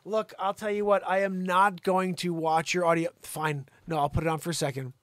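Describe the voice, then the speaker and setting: A man hosts a live improv comedy show and rants at a caller in a mock-outraged, teasing way. His voice sits a little high for a man. The sound is close and dry, with no room echo. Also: flat delivery, brisk, fairly bright tone.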